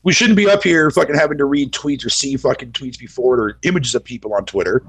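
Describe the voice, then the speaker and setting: A man's voice: mid-range voice, fast talker, fairly bright tone, slightly rough. A man from Canada with a Canadian accent, chatting casually on a podcast, swearing a lot and laughing easily.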